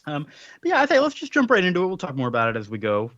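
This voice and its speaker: A man's voice: high voice, wildly swooping pitch, racing, fairly bright tone, dry recording. Guy hosting a chill comics podcast, rambles and laughs a lot, dry dull-ish audio. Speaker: podcast host. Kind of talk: casual chat.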